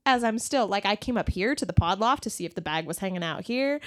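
A young woman co-hosting a casual podcast from home, her pitch moving widely as she tells a story. She quotes what she and others said, keeping it chatty and relaxed. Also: quick pace. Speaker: podcast co-host. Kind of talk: casual chat.

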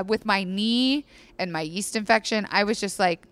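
A woman's voice: medium pitch, measured pace, fairly bright tone. A woman, a guest author, reading history aloud on a podcast and breaking off into profane, joking asides. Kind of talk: casual podcast storytelling.

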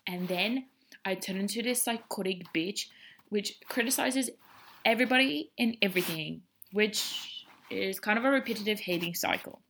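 A woman's voice: mid-range voice, moderate pace, fairly bright tone, a little hiss or hum. A young woman hosting a solo podcast, ranting in a blunt, profane and sarcastic way. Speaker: podcast host. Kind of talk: casual ranting monologue.

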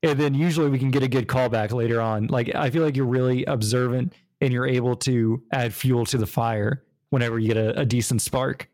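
A man's voice: mid-range voice, steady tone, a little fast, hardly any pauses, darkish tone. A man co-hosting a podcast in casual chat, loose and rambling, with plenty of fillers and tangents. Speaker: podcast co-host.

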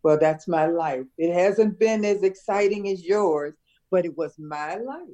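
An older woman chatting with her son in a family interview, reminiscing in a warm, teacherly way and laughing easily. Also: fairly low pitch, measured pace, muffled recording. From Chicago area. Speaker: interviewee, mother of the host.

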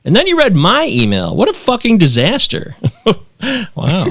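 A man's voice: high-pitched, huge pitch swings, normal speed, a bit bright, no room sound. A man hosting a casual comedy podcast, reading listener emails aloud in mocking, exaggerated voices and laughing often.

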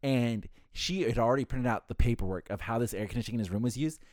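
Young guy, rapid casual talker who acts out both sides of calls, close dry sound. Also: mid-range voice, a little mellow, dry recording. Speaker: hotel front desk worker. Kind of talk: casual chat, storytelling.

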